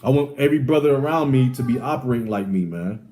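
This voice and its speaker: A man leading a Bible teaching, talking emphatically and repetitively, calling his listeners "man" again and again, moving between loud sarcastic bursts and low asides. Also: animated, fast. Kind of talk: street-style Bible teaching.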